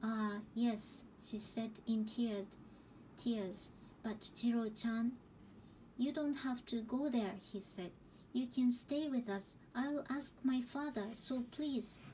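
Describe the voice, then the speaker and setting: A woman slowly reading a novel aloud as an audiobook, gentle and unhurried, with small restarts. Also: fairly high pitch, recorded from a distance, a little hiss or hum, rough recording. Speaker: audiobook reader. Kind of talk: slow storybook narration.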